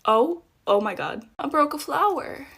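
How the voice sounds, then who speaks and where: Playful chatty young woman, fairly high voice. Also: lively intonation, unhurried, vocal fry, a bit bright, a little hiss or hum. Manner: playful, chatty, self-mocking. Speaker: makeup creator. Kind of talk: casual vlog narration.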